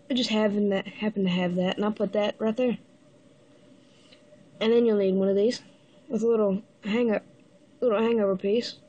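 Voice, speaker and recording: A woman with the hiccups giving a casual step-by-step building tutorial, halting and pausing mid-step to show the pieces. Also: mid-range voice, dark tone. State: has the hiccups. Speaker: toy builder giving instructions.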